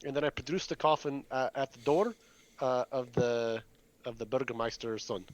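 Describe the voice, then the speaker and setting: A man's voice: medium pitch, steady tone, moderate pace, highs cut off. A man playing a tabletop game, earnestly and methodically asking the game master about rules. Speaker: player. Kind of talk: casual tabletop play.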